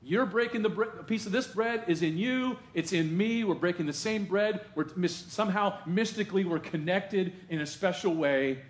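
A male pastor preaching a sermon to his congregation in a lively, conversational way, with asides to the room. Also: high-pitched, moderate pace, few pauses, reverberant. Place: church sanctuary.

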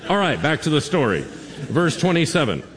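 A man preaching a sermon as pastor, emphatic and animated, swinging his voice up and down for emphasis. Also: on the high side, fairly quick, some chatter behind. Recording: long reverb of a church hall.

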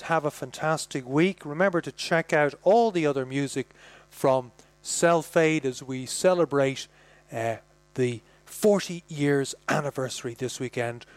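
A man presenting a radio show in a relaxed, chatty way. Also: a little high, measured pace, dry recording. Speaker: radio host.

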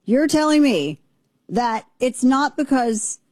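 A woman's voice: high voice, expressive, takes it slowly, a little mellow, no echo. A woman hosting a talk show, riffing in a brash, sarcastic monologue. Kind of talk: opinionated talk radio monologue.

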